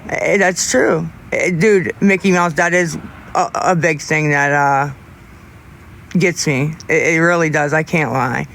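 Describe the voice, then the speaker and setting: A young man livestreaming, chatting casually with viewers in a rambling, halting way with many restarts. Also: on the high side, steady tone, gravelly, fairly bright tone, a little hiss or hum.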